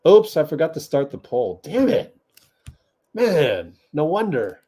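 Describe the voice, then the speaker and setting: A man's voice: on the high side, wildly swooping pitch, a little slow, dark tone, breathy edge. A man hosting a casual livestream watch party, chatting with viewers, laughing often and typing as he talks. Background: keyboard typing.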